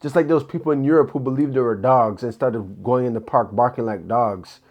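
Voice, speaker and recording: A man's voice: mid-range voice, fairly quick, darkish tone. A man giving preacherly commentary, emphatic and full of rhetorical questions and scripture quotes. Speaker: commentator on a podcast clip.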